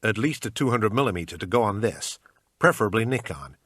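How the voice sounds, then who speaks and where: A man's voice: lowish voice, lively intonation, a little fast, fairly bright tone, slightly rough, no echo, studio quality. A man voicing a terse male agent who haggles in a bad put-on American accent. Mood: clipped. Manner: clipped, businesslike.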